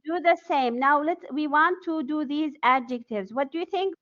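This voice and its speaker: A woman's voice: high-pitched, normal speed. A woman with an Arabic accent teaching an online English class, drilling students word by word and praising answers. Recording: dull, muffled lo-fi audio.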